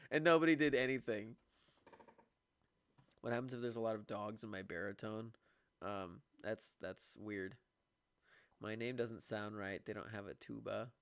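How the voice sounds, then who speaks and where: A man's voice: on the low side, normal speed, long pauses, smooth, no echo. Chatty young man, dry close sound. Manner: chatty, laughing, excitable about gifts. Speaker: music teacher streaming live. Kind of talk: casual livestream chat answering viewers.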